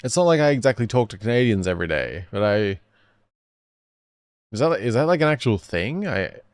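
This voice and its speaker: A man's voice: lowish voice, fairly quick, no echo, clean studio sound. A man streaming casually, rambling and correcting himself as he reacts to videos. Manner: rambling, self-correcting, lively.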